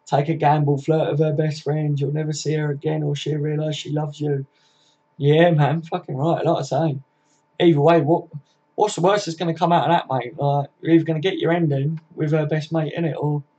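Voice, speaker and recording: A man's voice: a little high, dark tone, husky. A man, hosting a casual live stream and reading out viewer comments in a chatty, matey way, swearing freely. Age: 40s. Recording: dull lo-fi stream audio.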